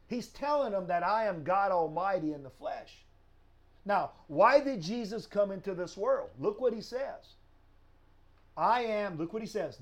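A man teaching a Bible study lesson, explaining step by step with rhetorical questions and a frequent tag "right?". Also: high voice.

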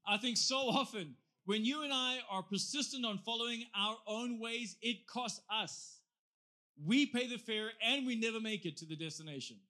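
Bright-voiced, lively male preacher. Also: high voice. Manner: lively, conversational, asks the audience questions. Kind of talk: sermon.

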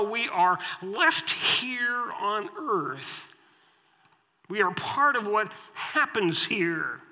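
A man's voice: sits high, pushed and bright. A man preaching a sermon from the pulpit, emphatic and repeating his key phrases. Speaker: pastor. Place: church sanctuary at the pulpit. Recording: long hall reverb in a church.

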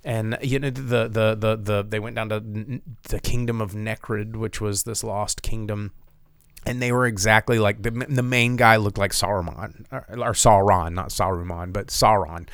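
This podcast co-host has a lowish, fairly bright voice that stays steady at a moderate pace, captured in clean studio sound without echo. He rambles casually and a little profanely about a movie he watched, restarting often and leaning on fillers.

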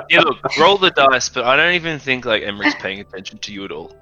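A boisterous, joking man at a tabletop game with a bright, forceful voice. The sound is a bit dull, with faint music behind. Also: mid-range voice, very animated, a little fast. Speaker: player. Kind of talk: casual chat during a tabletop game.

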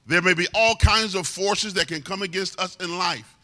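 A man's voice: high-pitched, moderate pace, sharp tone. A man preaching a sermon, emphatic and stretching out key words for weight.

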